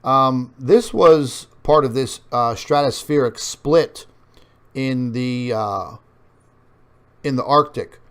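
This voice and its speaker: A man's voice: medium pitch, slow, fairly bright tone, clear, resonant tone. Rambling man hosting an online show. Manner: rambling, many fillers, addresses viewers as folks. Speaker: online news show host. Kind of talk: casual commentary over on-screen maps.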